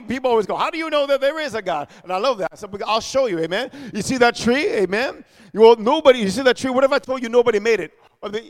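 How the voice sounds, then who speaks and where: A man preaching a sermon, animated and emphatic, calling out for responses and shouting at peaks. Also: very high-pitched. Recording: long hall reverb.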